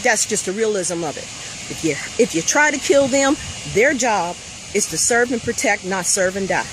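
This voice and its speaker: A woman's voice: mid-range voice, normal speed. A woman, a mother, in an impassioned rant, blunt, profane and emphatic, talking inside a vehicle. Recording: steady vehicle noise behind.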